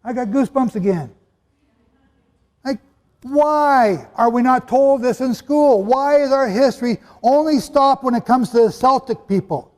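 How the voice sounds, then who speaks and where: A man preaching a sermon in a hall with an audience, animated and conversational, with asides to his listeners. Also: very high-pitched, a little slow. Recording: long hall reverb.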